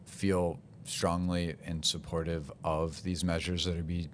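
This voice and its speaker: A young man with a low, deep voice hosts a casual podcast interview. He talks in an easygoing way, full of "like" and "you know" and quick agreement. A faint rumble sits under the recording. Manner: relaxed, filler-heavy, agreeable. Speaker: podcast host.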